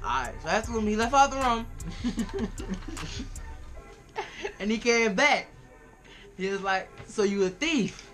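Young male vlogger, bright voice, laid-back slangy storyteller. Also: high voice, slow, long pauses, faint music behind. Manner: laughing often, relaxed slangy retelling. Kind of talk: casual storytelling.

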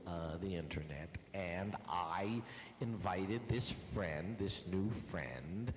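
A man's voice: deep voice, slight background noise. A man hosting a show, talking casually and rambling with hesitant restarts. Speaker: show host. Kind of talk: casual monologue to listeners. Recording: roomy with long reverb, faint synth music behind.

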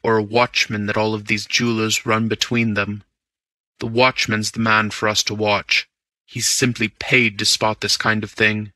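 A man voicing a cool, confident gentleman burglar who speaks low and measured, as in an audiobook. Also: flat delivery, no echo. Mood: cautious. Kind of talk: audiobook character reading.

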